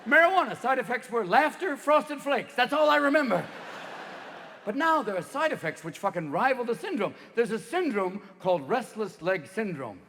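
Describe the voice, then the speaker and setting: A man doing stand-up on stage, riffing manically and breaking into sudden shouts. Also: high-pitched, very animated, fairly quick, big-room sound, slight background noise. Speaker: stand-up comedian. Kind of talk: stand-up routine. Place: large venue with live audience.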